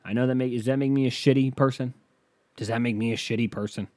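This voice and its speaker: A man's voice: medium pitch, fairly even intonation, fast talker, dark tone, no room sound. Sarcastic, foul-mouthed male podcast host. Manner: irreverent, sarcastic, profane. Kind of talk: comedic podcast riffing while reading aloud.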